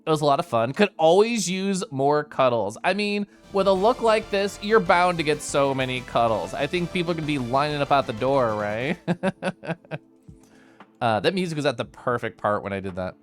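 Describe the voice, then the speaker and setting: While playing a game, a streamer chats casually with viewers, giggly and playful as they talk to chat. The voice is medium-pitched and expressive at a moderate pace, with faint game music in the background.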